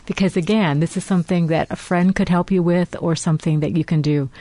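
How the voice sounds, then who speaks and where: Female podcast co-host, lowish voice, measured and thoughtful, dry close mic. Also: fairly even intonation, warm tone, no room sound. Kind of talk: conversational podcast hosting.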